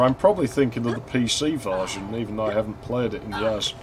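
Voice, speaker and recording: A man's voice: fairly low pitch, fast, crowd noise. A young man chatting casually while playing an old console game, telling a school story, laughing often and swearing freely. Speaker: gaming channel host. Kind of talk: casual gameplay commentary.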